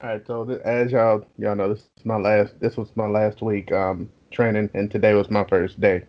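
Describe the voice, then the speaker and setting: A man's voice: lowish voice, normal speed. Profane young man telling a story. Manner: profane, animated storytelling with laughs. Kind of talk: casual storytelling chat. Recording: dull lo-fi sound.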